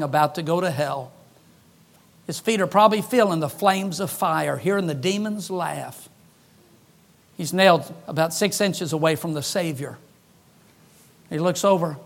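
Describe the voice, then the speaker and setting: Man, high voice, sermon, animated storytelling, acts out dialogue, jokes. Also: normal speed, vocal fry, long pauses. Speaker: preacher.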